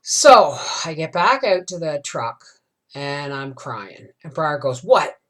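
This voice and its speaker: Middle-aged woman vlogger, low-pitched, rambling, emotional storyteller. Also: very animated, takes it slowly, a bit bright. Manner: tag questions like "right?". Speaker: homestead vlogger. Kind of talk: casual storytelling chat.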